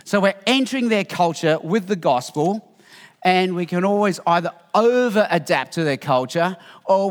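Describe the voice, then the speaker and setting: A man's voice: high voice, big-room sound. A middle-aged Australian man giving a Christian teaching talk, telling stories and acting out what people said. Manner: lively storytelling, acts out quotes.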